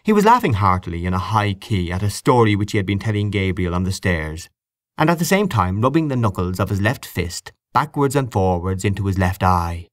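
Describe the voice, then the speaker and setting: A man narrating a literary audiobook in a measured, expressive way. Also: deep voice, no room sound, studio quality. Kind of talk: audiobook reading of literary fiction.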